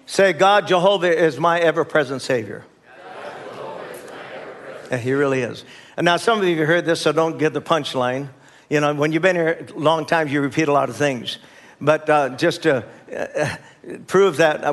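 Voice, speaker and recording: An older man preaching a sermon as pastor, leading the church in call-and-response with folksy asides and chuckles. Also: a little high.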